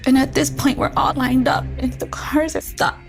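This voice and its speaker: High, gravelly woman telling a tense story. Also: moderate pace, over music, rough recording. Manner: animated, re-enacts quoted dialogue, swears. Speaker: podcast guest recounting events. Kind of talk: emotional storytelling.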